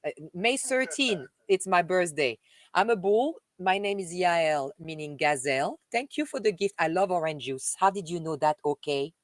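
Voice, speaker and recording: A woman with a French accent chats with her viewers on a live stream in a fairly low voice, affectionate and quick to laugh. Her voice sounds dry and close, with no room echo. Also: animated. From Paris. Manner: chatty and affectionate, often laughing and calling listeners "dear".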